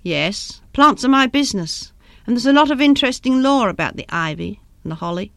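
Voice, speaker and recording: A woman's voice: a little high, expressive, brisk, creaky, no echo. A woman voicing an elderly male seedsman who talks in a folksy, knowing way.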